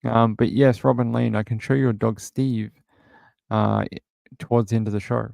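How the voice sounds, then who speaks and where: A man's voice: mid-range voice, flat delivery, normal speed, gravelly, darkish tone, dry recording, clean studio sound. A man hosting a livestream, casually chatting and rambling with many filler words as he reads out viewer comments. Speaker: livestream host.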